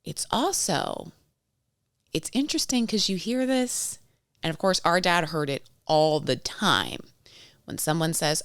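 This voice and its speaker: In her thirties, a woman co-hosts a podcast, casually chatting and telling stories in which she quotes voices. Her voice sits low, fairly bright and expressive, at an unhurried pace, recorded dry with studio quality.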